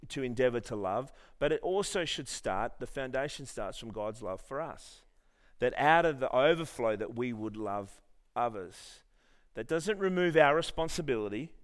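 A male pastor preaching a sermon in short, emphatic phrases, with frequent restarts and humorous asides. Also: mid-range voice.

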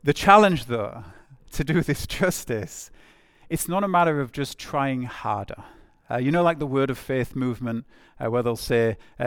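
A man's voice: mid-range voice, moderate pace, dry recording, studio quality. Conversational man preaching a sermon. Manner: conversational, many fillers, repeats phrases for emphasis.

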